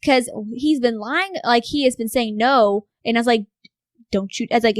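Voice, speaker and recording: Woman in her thirties, fairly high voice, animated storyteller, salty language, dry close recording. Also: normal speed, no room sound. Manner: animated storyteller, swears freely, acts out quotes. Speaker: podcast guest. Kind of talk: casual chat.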